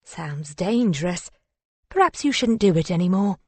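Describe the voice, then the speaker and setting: A woman's voice: fairly low pitch, animated, moderate pace, breathy edge, dry recording. A woman voicing an affectionate, fussing middle-aged mother in an audiobook. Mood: worried. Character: warm middle-aged British mum, fussing. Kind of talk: audiobook character voice.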